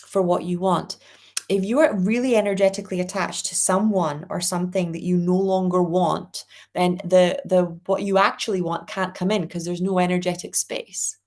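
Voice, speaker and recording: A woman with a slightly low voice hosts a live angel reading. She talks gently and reassuringly, calling viewers darling and reading out their comments. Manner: reads viewer comments aloud. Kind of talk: live-stream spiritual reading.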